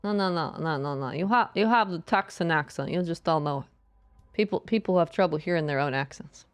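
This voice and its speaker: A woman's voice: sits low, a little fast, clear, resonant tone. A woman with a Southeastern US accent chatting casually while streaming a video game, rambling and trailing off into stammered fillers.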